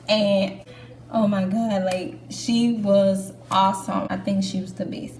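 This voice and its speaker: A woman's voice: mid-range voice, little pitch movement, takes it slowly, darkish tone. A young woman vlogging in a casual, candid chat to camera, with lots of fillers. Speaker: Air Force trainee vlogger. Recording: echoey room with faint background hum.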